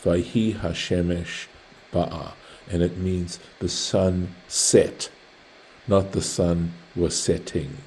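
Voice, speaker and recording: Man leading an online scripture class, very low voice, unhurried delivery. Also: steady tone, a little mellow, slight background noise. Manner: translates Hebrew line by line, thinking aloud. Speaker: Torah study teacher. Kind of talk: online Bible study class. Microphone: video call.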